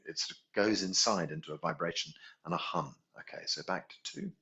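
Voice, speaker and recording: A man teaching a healing class, gently guiding breathing and chanting tones. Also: low-pitched, dull audio. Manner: slow, gentle guidance with sung tones. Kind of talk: guided meditation class.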